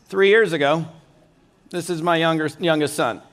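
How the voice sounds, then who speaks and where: A middle-aged man speaking from a conference stage in a high, ringing voice. He tells folksy stories in an animated way and acts out the people he quotes. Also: normal speed, slight background noise. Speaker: keynote speaker. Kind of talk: motivational keynote storytelling.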